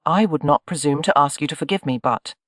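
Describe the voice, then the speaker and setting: A narrator voicing a young woman who speaks softly and humbly to her family, in an audiobook. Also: medium pitch, fairly quick, no room sound, studio quality, close to an everyday voice. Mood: soft, contrite. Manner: soft, humble. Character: young woman, contrite, struggling with pride.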